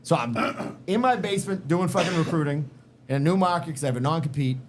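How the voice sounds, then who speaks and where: This middle-aged guest, slightly Boston-accented, swaps work stories on a podcast in a street-smart, profane, emphatic, blunt way. His voice is on the high side and expressive, a little fast, and the garage recording on a podcast microphone carries a little hiss or hum during the casual chat.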